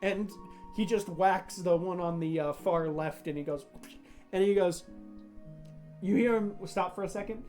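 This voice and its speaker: A game master running a tabletop game, talking in a loose, rambling way and laughing often. Soft guitar music sits faintly behind the narration. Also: mid-range voice, measured pace, pauses often.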